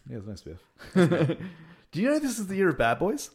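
A man's voice: sits high, huge pitch swings, husky. A man co-hosting a casual film-review chat, rambling with many halts and frequent laughs. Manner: rambling, halting, laughs a lot. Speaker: podcast co-host reviewing films.

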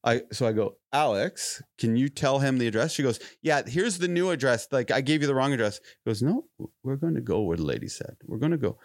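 A young adult man spins a story on a podcast, acting out every quote in bursts of laughter. His pitch sits mid-range but swoops widely as he talks. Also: brisk, hardly any pauses, no echo, studio quality. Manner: animated, acts out quotes with rising pitch and laughter. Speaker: podcast host. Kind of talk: casual storytelling.

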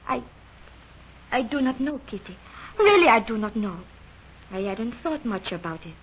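A woman's voice: a little high, big pitch swings, moderate pace, muffled recording, slight background noise. An actress playing a refined, genteel young English lady in an old radio drama. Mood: flustered. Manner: genteel, probing, composed.

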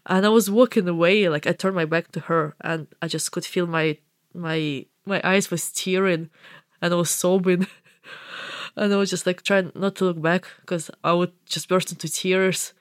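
A woman's voice: fairly low pitch, no echo, studio quality. Ukrainian-accented woman telling her story. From eastern Ukraine. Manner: earnest, lively, non-native English grammar. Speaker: interviewee. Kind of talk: personal storytelling.

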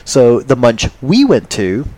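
Male podcast co-host, casual and rambling, quick jokes, plenty of ums. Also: mid-range voice, huge pitch swings, darkish tone, dry recording. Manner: rambling, jokey, many ums. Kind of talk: casual chat.

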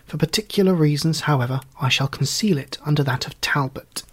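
Man, storybook narration, measured, wry, slightly high voice. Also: fairly bright tone, breathy edge. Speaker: reader. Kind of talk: audiobook narration.

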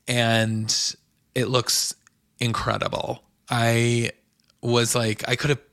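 Gravelly-voiced man recapping reality TV. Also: mid-range voice, fairly bright tone, no echo, clean studio sound. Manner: chatty and enthusiastic, gushing asides. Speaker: podcast host recapping a reality show. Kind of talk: casual solo commentary.

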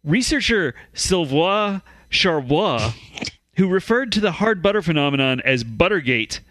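A man co-hosting a comedy podcast reads news items aloud, tripping over words and restarting as he goes. His voice sits fairly high and swings widely in pitch, recorded dry and close. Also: big pitch swings, unhurried, a bit bright, no room sound. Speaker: podcast co-host reading news stories.

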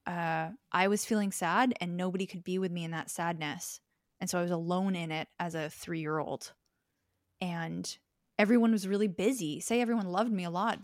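A woman's voice: on the low side, steady tone, normal speed, dry recording, clean studio sound. A young woman speaking as a guest in a podcast conversation. She talks thoughtfully and explains her ideas through examples. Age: young adult.

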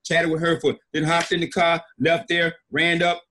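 A man's voice: fairly high pitch, monotone, normal speed, bright, forceful tone. A middle-aged man, a network marketing leader, giving an emphatic motivational talk and acting out stories with repeated phrases. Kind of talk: motivational storytelling.

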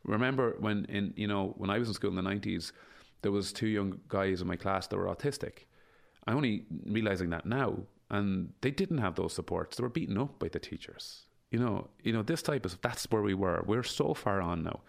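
A man's voice: lowish voice, fairly quick, vocal fry. A man in his forties, talking emphatically as an interview guest, repeating himself and swearing freely. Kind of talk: casual conversational interview.

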